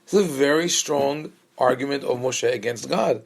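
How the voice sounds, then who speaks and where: Rabbi, man, gravelly tone, mid pitch, unhurried class talk, halting with fillers, dry asides to the room. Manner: thinking aloud with frequent pauses and fillers; wry asides to the listeners. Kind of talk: conversational Bible class lecture.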